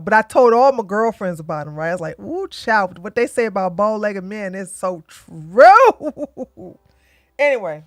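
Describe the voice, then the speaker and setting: A woman's voice: on the low side, fairly bright tone, no room sound, clean studio sound. A woman in her forties hosting a livestream, blunt and joking as she comments and tells stories. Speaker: livestream host. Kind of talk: casual commentary and storytelling.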